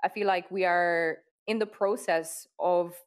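A woman's voice: on the low side, fairly even intonation, a little slow, clean tone. A woman hosting a podcast, speaking reflectively and asking questions. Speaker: podcast host. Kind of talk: podcast discussion.

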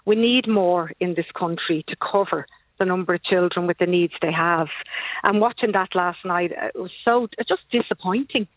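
A woman's voice: lowish voice, normal speed. Irish woman caller on a tinny phone line. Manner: earnest, steady, disappointed. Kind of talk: casual phone-in chat.

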